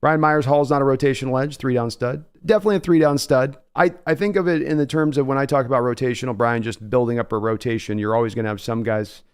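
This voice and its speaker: A man's voice: mid-range voice, steady tone, fast, hardly any pauses, clear, resonant tone. A man hosting a live draft reaction stream, breaking down prospects analytically in a casual way and reading out viewer comments. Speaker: host.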